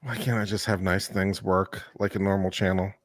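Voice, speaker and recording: A man's voice: deep voice, fairly even intonation, moderate pace, no echo. A man co-hosting a livestream, casual and wry while fixing the feed. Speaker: livestream co-host. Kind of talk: casual live commentary.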